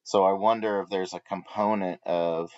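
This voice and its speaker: A man with a low voice shares a story during a live Bible study. He talks casually, with many restarts, and keeps circling back to his point. The sound is close and dry but muffled and dull. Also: steady tone, moderate pace, darkish tone, no echo.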